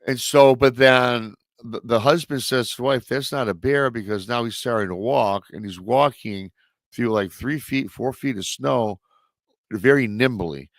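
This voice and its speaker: A man's voice: mid-range voice, measured pace, no echo. A male host telling a story in a casual, rambling way, full of restarts and stock filler phrases. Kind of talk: casual storytelling on a live show.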